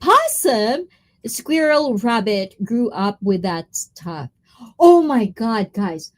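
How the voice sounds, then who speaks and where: A woman from the Philippines, chatting casually on a live stream, greeting viewers by name and easily getting excited and giggly. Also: a little high, slow. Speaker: livestreamer reading chat.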